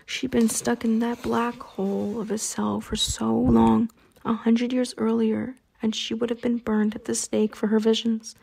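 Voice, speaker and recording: A woman reading an audiobook, voicing a cruel male vampire hunter who speaks in a soft, pleasant, taunting way. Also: a little high, level tone, measured pace, vocal fry, slightly rough, exaggerated voice.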